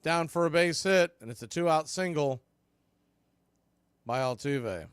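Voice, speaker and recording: Clear-voiced man calling baseball play-by-play. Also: on the high side, unhurried, no echo. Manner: excitable calls, conversational asides. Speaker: play-by-play announcer.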